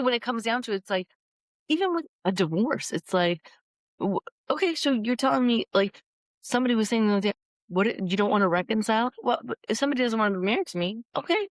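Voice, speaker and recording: A middle-aged woman in casual chat, talking fast and acting out quoted voices. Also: on the high side, dry recording. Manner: animated, acts out quoted voices. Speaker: podcast guest.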